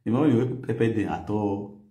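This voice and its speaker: Here a middle-aged man vlogs in Nigerian Pidgin English, spinning an animated yarn with quoted lines and plenty of laughs. His mellow voice is fairly low and moves at a normal speed, with a roomy sound to the recording.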